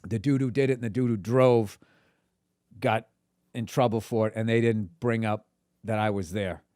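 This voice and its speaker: A man telling a story from his youth in casual chat, animated, laughing and swearing as he goes. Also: lowish voice, moderate pace, dry recording, studio quality. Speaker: podcast guest.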